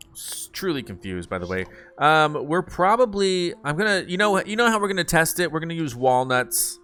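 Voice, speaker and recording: Bright-voiced upbeat gaming host. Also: male voice, medium pitch. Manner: chatty, thinking aloud, upbeat. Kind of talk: casual gameplay commentary.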